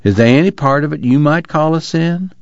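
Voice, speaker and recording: A man's voice: fairly high pitch, brisk, no room sound, pitched above the performer's own voice, natural voice. A man reading the part of a brooding, guilt-ridden farm uncle, on a dull lo-fi recording.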